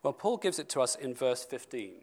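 A man preaching a sermon to his church, stressing key words and slowing down for scripture. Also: medium pitch, sing-song, darkish tone. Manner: emphatic, slows down for scripture, speeds up for asides.

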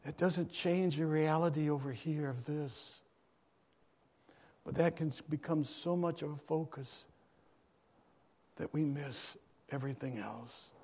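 A man preaching a sermon, emphatic and swinging between loud and hushed delivery. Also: a little high. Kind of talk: sermon with dramatic story reading.

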